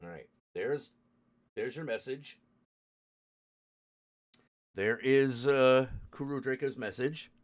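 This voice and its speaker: A man's voice: medium pitch, slow pace, pauses often. A man hosting a live stream, muttering and swearing in frustration as he struggles with apps. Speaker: streamer host. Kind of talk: casual live-stream chat.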